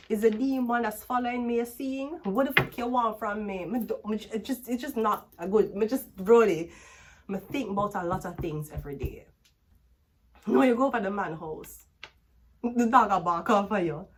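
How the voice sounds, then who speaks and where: This is a Jamaican woman in the middle of a relaxed tarot reading, her voice sitting at an ordinary middle pitch. She is outspoken and crude, laughs easily, and wanders into long patois-flavored tangents between the cards. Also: moderate pace, a little hiss or hum. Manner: blunt, profane, laughs often, patois-heavy storytelling. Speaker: tarot reader.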